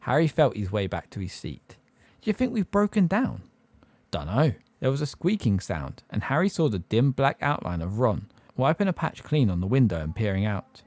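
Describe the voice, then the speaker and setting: A man narrating a fantasy audiobook with an expressive delivery. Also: fairly low pitch, brisk, hardly any pauses, no echo. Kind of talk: fan audiobook reading.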